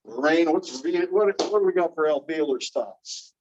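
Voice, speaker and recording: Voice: mid-range voice, animated, moderate pace, highs cut off, background noise. A teacher giving a phonetics lecture in class, patiently quizzing students with questions and spelling out examples. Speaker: linguistics teacher.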